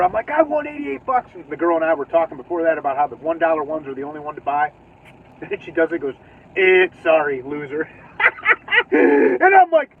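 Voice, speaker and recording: A man with a fairly high voice tells a rambling, animated story, swearing and laughing as he acts out his own reactions. The sound is tinny and thin, like a phone call from inside a car. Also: slight background noise. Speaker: livestream host. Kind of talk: casual storytelling. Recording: tinny phone-like livestream audio.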